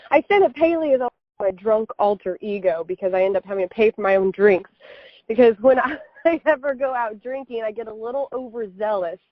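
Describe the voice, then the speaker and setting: An American woman in her twenties, a podcast guest chatting in a lively, quick way. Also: on the high side, dry recording, phone-quality sound. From United States. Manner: lively, laughing, quick talker. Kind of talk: casual conversational chat.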